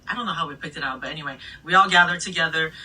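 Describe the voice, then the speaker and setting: A middle-aged woman DJ telling stories in a casual interview, animated, swearing freely and laughing between anecdotes. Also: deep voice, rapid-fire, husky. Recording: voice a bit distant from the mic.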